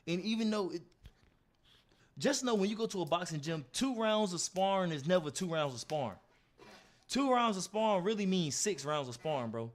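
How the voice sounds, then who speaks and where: A young man tells a story in an animated way. He laughs often and acts out punches with sound effects. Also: high-pitched, moderate pace. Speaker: streamer.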